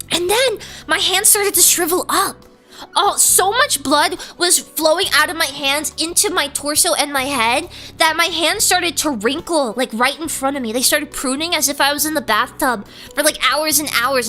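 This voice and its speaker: A woman streamer telling a story casually, animated and giggly, acting out the people she quotes. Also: very high-pitched.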